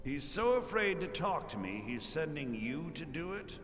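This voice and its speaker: A sly elf dealer. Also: male voice, fairly high pitch, big pitch swings, moderate pace. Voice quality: wry, knowing. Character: sly smooth-talking male elf dealer. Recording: reverberant game audio with music.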